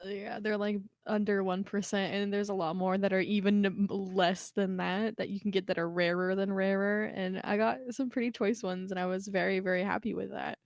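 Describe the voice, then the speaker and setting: A woman's voice: medium pitch, little pitch movement, normal speed, gravelly, few pauses, dry recording, studio quality. A woman co-hosting a podcast, chatting easily about her week. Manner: chatty, easygoing storytelling. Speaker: podcast co-host. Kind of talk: casual podcast chat.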